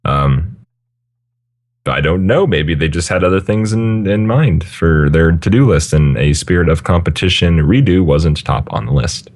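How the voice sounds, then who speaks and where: A man's voice: low voice, measured pace, a little mellow. A man co-hosting a gaming podcast, answering in an offhand, hesitant way. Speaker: podcast co-host. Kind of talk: casual podcast chat.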